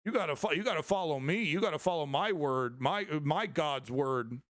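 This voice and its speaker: A man's voice: fairly high pitch, lively intonation, normal speed, fairly bright tone, dry recording, studio quality. A man putting on the voice of a smug, preachy male zealot in a mocking, self-important drawl.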